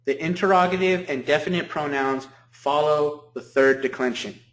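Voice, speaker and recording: Male professor, slightly high voice, lecturing in an echoey room, repeats points, checks understanding. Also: moderate pace, fairly bright tone. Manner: repeats key points, asks "okay?" often. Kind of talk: university lecture.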